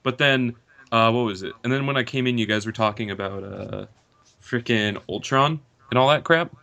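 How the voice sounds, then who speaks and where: A man chatting casually as a guest on an online podcast, ranting with animated impressions of characters. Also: mid-range voice, moderate pace, gravelly.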